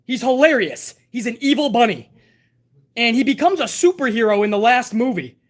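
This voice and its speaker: A man's voice: very high-pitched, animated, moderate pace. Profane, laid-back male stream host. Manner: profane, laid-back banter, reading viewer messages. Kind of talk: casual live-stream chat.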